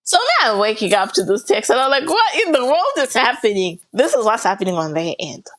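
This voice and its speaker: A woman's voice: on the high side, sing-song, brisk, fairly bright tone. A young adult woman, a podcast guest, animatedly retelling a personal story and quoting others, with many filler words. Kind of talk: casual storytelling.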